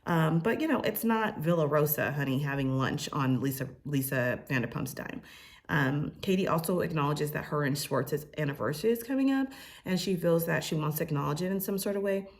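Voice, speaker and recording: A woman's voice: lively intonation, brisk. A young woman recapping a reality TV episode in a casual, opinionated way, full of fillers, sometimes mimicking the cast. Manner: chatty and opinionated, with frequent fillers; mimics cast members' lines in a higher voice. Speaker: recap host.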